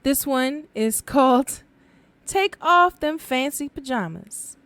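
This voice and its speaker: A woman's voice: high voice, animated, slow, a bit bright, dry recording. Chatty woman telling folk tales. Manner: laughs often, casual, chatty. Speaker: podcast host and storyteller. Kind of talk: casual storytelling podcast.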